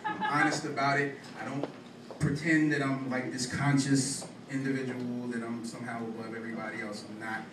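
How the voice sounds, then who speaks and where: A man performs a spoken word poem before a live audience, delivering rhymed lines rhythmically with punchy emphasis. His voice is medium-pitched, fairly quick and shows little pitch movement, recorded in an echoey room from a distant mic with background noise.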